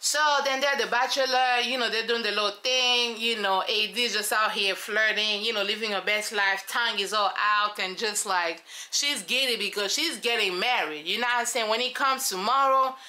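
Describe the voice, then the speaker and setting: A woman giving sassy, animated commentary on a reality show, talking straight to her viewers. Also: medium pitch, normal speed, few pauses. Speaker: show reviewer.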